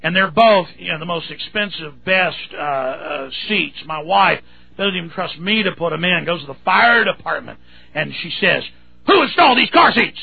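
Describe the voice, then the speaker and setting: A man's voice: fairly high pitch, normal speed, gravelly. A man hosting a talk radio show, telling a story in a rambling, indignant way with many restarts. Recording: tinny phone-like radio sound.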